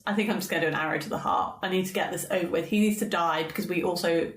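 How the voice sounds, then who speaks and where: A woman playing a tabletop role-playing game, excitable and expressive, laughing often. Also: lowish voice, racing, recorded from a distance. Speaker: player. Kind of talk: casual tabletop play. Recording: roomy, from off mic.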